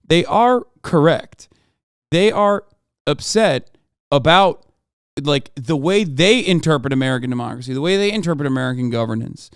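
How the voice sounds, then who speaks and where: A man's voice: medium pitch, smooth, dry recording, studio quality. A man streaming and reacting to the news, in casual political commentary that rambles, full of swearing and sarcasm.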